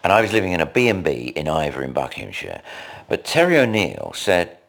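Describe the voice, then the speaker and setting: An older man with an extremely low, gravelly voice and a husky edge tells stories on a radio interview. His delivery is animated and swings widely in pitch as he rambles from one anecdote to the next. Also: a little fast. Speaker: guest. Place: indoor recording location.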